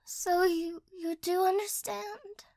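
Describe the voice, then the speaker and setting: A woman voicing a sleepy, apologetic cat-girl girlfriend in a whispered role-play, speaking softly and hesitantly close to the mic. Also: extremely high pitch, fairly even intonation, slow, no echo, exaggerated voice. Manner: soft, gentle, hesitant and apologetic. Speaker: ASMR role-play artist.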